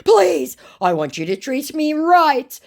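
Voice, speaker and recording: A woman's voice: high-pitched, slow pace, vocal fry, voice pushed up, exaggerated voice. A woman voicing a clingy, pleading male online scammer, whining and repeating himself as she reads his chat messages aloud. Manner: whiny, repeating "calm down, okay".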